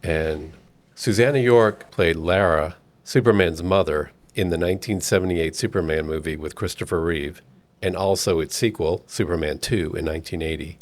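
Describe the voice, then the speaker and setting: A man with a very deep voice hosts a casual film podcast. He reads through cast details in a steady, measured way. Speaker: podcast host.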